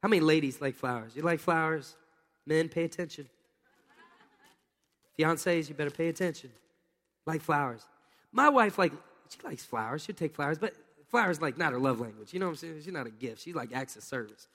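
A man in his thirties preaching a casual, animated sermon and putting questions to his congregation. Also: a little high, a little fast, long pauses, in a large hall. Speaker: pastor.

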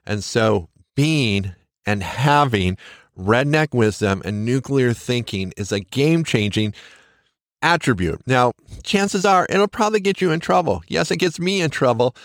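A man's voice: medium pitch, animated, no echo. Upbeat male podcast host, dry sound. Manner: upbeat, chatty, quick shout-outs; laughs at himself, self-correcting. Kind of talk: solo podcast monologue.

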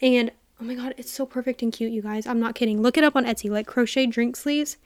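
A young woman hosting a casual solo podcast, chatty and excitable with lots of "like", a little out of breath, talking into a studio mic in a quiet room. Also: a little high, fast, no room sound. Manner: chatty and excitable, heavy use of "like". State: a bit out of breath. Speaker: podcast host. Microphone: studio mic with headphones.

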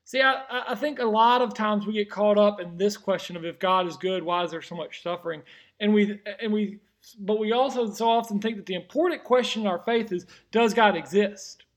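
A man preaching a sermon, earnest and searching, often restarting his words, swinging between loud emphatic cries and soft, slow passages. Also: high voice. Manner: frequent restarts and repeated words. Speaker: pastor.

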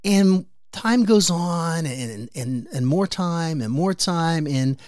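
Guy doing a solo podcast, tells a story with a real lively swing in his voice then gets earnest about the lesson, close mic, dry sound. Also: fairly high pitch, takes it slowly, dry recording. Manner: animated storyteller who briefly acts out the neighbors' voices; reflective and earnest when drawing the lesson. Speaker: podcast host. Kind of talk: motivational storytelling monologue.

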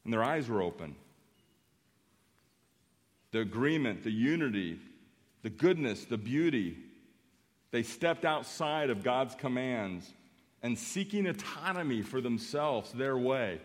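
A pastor preaching a sermon in an animated, emphatic way, repeating phrases for effect. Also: male voice, mid-range voice, measured pace, long pauses. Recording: long reverb of a large hall.

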